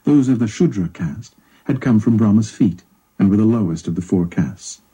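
Man, story narration, dark mellow tone, breathy husky voice. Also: lowish voice, animated, moderate pace, rough recording. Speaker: audiobook narrator.

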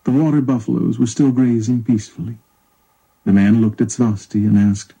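A man narrating a story in a measured, even storytelling delivery. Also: medium pitch, creaky, breathy edge, low-quality recording. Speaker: audiobook narrator.

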